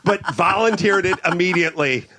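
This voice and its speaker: A man hosting a podcast, telling stories in a ranting, profane, animated way from a cruise ship cabin. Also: high-pitched, fairly quick, background noise. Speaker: podcast host. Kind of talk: casual storytelling chat.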